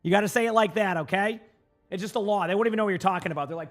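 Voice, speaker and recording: High-voiced man rambling to his stream chat. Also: racing, soft background music. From Massachusetts. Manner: rambling, full of filler words, often answers chat. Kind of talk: casual live-stream chat.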